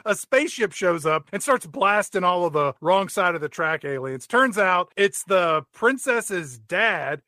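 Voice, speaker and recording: Man, comedy podcast host, lively storytelling, dry close mic. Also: high voice, unhurried, hardly any pauses, no room sound. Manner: animated, jokey storytelling. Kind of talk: comedic movie recap.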